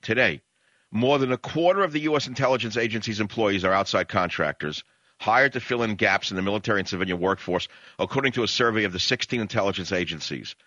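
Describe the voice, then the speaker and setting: A man's voice: on the low side, quick pace, pushed and bright, dry recording, dull audio. A male talk radio host delivering a combative, ranting monologue full of rhetorical questions.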